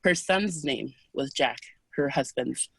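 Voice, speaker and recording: A woman as an interview guest, calmly recounting personal experiences in a soft, unhurried, hesitant way. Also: extremely low pitch, vocal fry, breathy edge, no room sound. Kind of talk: personal storytelling in conversation.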